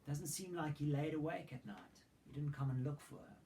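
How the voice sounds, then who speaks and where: A man's voice: fairly high pitch, a little fast, dark tone, slight background noise, poor audio. A man preaching a sermon. He retells a Bible story dramatically and throws in rhetorical questions. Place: church hall.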